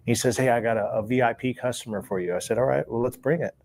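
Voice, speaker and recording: A man's voice: mid-range voice, fast, gravelly, slight background noise. A man, a former sports bookie, casually telling a long story and acting out the dialogue he recalls. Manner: relaxed, acts out quoted dialogue, chuckles between lines.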